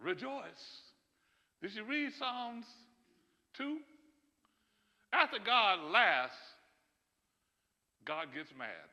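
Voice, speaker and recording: High, animated preaching man, church echo. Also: drawn-out words, pauses often, dull audio. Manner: emphatic preaching with chuckles and asides to the congregation. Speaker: pastor. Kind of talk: sermon. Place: church sanctuary. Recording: long church hall reverb.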